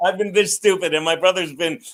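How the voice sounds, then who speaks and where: Middle-aged male host, high voice, loose comic storyteller. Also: fairly even intonation, a crowd in the background. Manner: storytelling, laughing, quick asides. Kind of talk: casual comedic chat.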